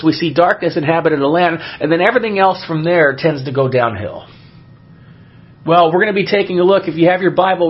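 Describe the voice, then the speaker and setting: A man with a slightly high, husky voice preaches a sermon in a loose, conversational way, stumbling over fillers and restarting sentences as he goes. The recording sounds dull and lo-fi. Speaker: pastor.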